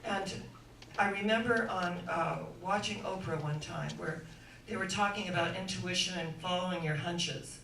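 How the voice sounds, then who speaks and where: A woman giving an inspirational sermon-style talk, telling stories dramatically and swinging from hushed to loud. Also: on the low side, moderate pace, creaky, a little hiss or hum. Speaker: inspirational speaker. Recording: echoey room, voice from far off.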